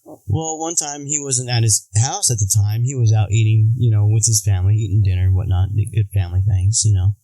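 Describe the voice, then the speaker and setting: A man's voice: lowish voice, a little fast, no room sound, poor audio. An American man telling funny stories in casual chat, acting out quotes and laughing often. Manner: animated, acts out quotes in other voices, laughs often.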